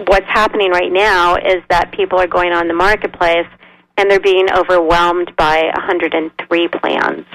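Gravelly-voiced woman expert, measured. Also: on the low side, a bit bright, low-quality recording. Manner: measured, informative, frequent ums. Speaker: nonprofit executive director, guest expert. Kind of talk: radio interview.

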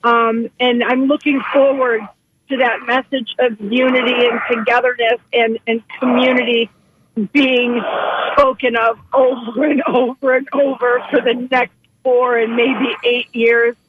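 A woman calling in to a radio show, speaking haltingly and emotionally with many pauses and restarts. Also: fairly high pitch, little pitch movement, noisy background. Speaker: caller. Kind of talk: phone call to a radio show. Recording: tinny phone line.

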